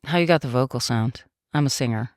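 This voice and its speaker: Enthusiastic smooth-voiced woman podcast host. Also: extremely low pitch, brisk, no echo, clean studio sound. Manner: warm, enthusiastic, laughs easily, fillers like "um". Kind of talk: podcast interview.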